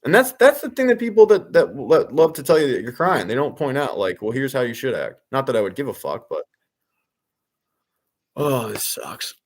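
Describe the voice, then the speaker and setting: A man's voice: medium pitch, big pitch swings, normal speed. A man hosting a watch-along, reacting to the game live with sarcastic, exasperated and profane commentary that rambles with fillers and restarts.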